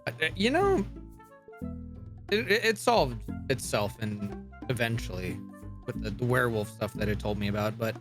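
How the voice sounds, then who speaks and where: A man playing a tabletop game, talking casually in a halting way with restarts. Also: mid-range voice, very animated, over music. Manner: halting, restarts, laughs often. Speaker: player.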